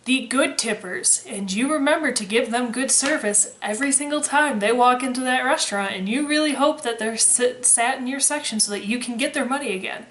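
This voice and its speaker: A woman's voice: on the high side, brisk, few pauses, a bit bright, a little hiss or hum. A woman in her twenties chatting casually to camera, sarcastic and freely swearing with dry humor. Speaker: vlogger, former waitress. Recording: roomy echo.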